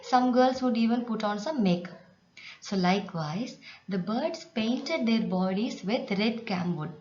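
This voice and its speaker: A woman teaches slowly and patiently, reading a story aloud and stopping to explain words. Her voice sits in an echoey room, and the recording is dull with a faint hiss behind it. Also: a little high, a little mellow.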